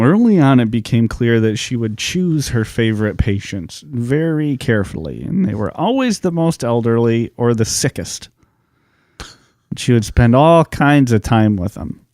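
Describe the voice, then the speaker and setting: A man with an ordinary mid-range pitch co-hosts a casual podcast. He tells a dark history story in a loose, profane, joking way. The recording is dry and close. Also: expressive, normal speed, no room sound. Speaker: podcast co-host.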